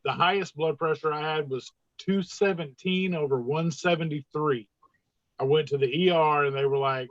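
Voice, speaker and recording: A podcast guest telling a personal story in a casual, animated way, acting out the dialogue. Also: mid-range voice, normal speed, dry recording. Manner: animated, acts out quoted dialogue in raised voices. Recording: dull, dry lo-fi sound.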